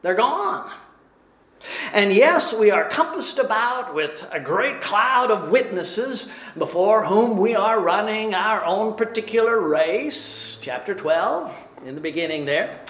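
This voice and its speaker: A man preaching from the pulpit with a fairly high voice that rises and falls widely. He takes his time over each phrase and laughs at his own slips. His words ring out in a roomy, echoey hall. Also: fairly bright tone. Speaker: pastor. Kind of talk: sermon.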